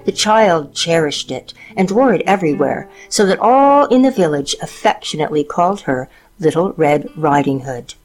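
Woman reading a fairy tale calmly. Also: sits low, moderate pace, few pauses, soft background music. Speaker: storyteller. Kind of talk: storybook narration.

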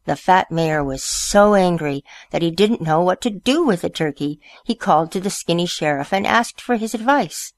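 A woman storyteller reading picture books aloud in a slow, expressive way. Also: fairly low pitch, no room sound.

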